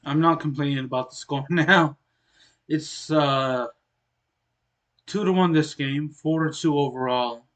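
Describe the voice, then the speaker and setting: A man with a somewhat high voice talks through his soccer game in a relaxed, explanatory way. He keeps clearing his throat and coughing now and then between remarks. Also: a little slow, pauses often. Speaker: gaming channel host. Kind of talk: casual game commentary.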